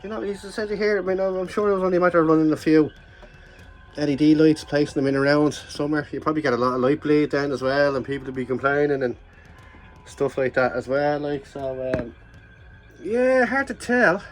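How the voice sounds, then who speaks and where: A man's voice: on the high side, fairly even intonation, fast, soft background music. A man vlogging a toy review in a casual, enthusiastic, rambling chat full of fillers.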